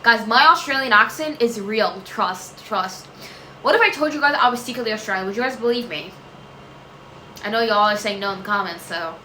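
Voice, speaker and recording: Casting note: bright, chatty woman vlogger, rambles and trails off, recorded at home in a roomy space with a faint hiss. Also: fairly high pitch, fast talker. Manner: rambling and self-interrupting, many fillers and trailing "I don't know". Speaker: vlogger answering viewer questions. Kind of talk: casual chat. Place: home room. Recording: echoey room with faint noise.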